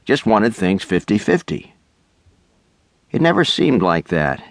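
A middle-aged man narrating a children's audiobook with lively, expressive storytelling on a close studio mic. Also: fairly low pitch, a little slow, vocal fry, no echo. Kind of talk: scripted narration.

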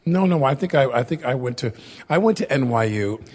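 A man in his fifties with a raspy voice, talking candidly and rambling a little as a guest in a studio interview. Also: medium pitch, expressive, brisk, darkish tone. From United States. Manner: rambling, many fillers and self-corrections. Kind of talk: candid conversational storytelling.

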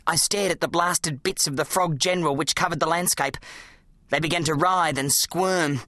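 An audiobook narrator, telling a children's adventure story in an animated, dramatic way. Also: mid-range voice, normal speed, no echo, studio quality. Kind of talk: scripted narration of a children's book.

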